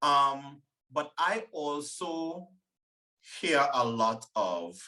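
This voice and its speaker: A man in his forties with a Trinidadian accent touched by American speech, telling stories in a confident, animated way as an interview guest. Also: fairly high pitch, drawn-out words, distant mic, low-quality recording. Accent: Trinidadian with American influence. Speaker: guest, former Olympic sprinter. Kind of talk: casual interview talk.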